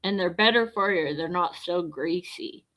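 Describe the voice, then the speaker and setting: Middle-aged woman, bright-voiced, casual livestream host answering chat bluntly. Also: fairly low pitch, normal speed. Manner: blunt, chatty, reads and answers viewer comments. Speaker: livestreamer chatting with viewers.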